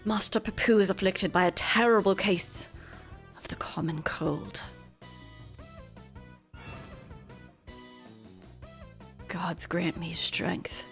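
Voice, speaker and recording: A woman streamer voicing a calm, clinical male clone scholar in whispered role-play, speaking in a hushed, measured way. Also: medium pitch, soft background music, natural voice.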